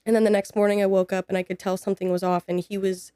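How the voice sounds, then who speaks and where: A woman's voice: mid-range voice, fast, clean tone, no echo, clean studio sound. A woman in her twenties, a podcast guest, telling a personal story and acting out what people said. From United States. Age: 20s. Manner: animated, acts out quoted dialogue.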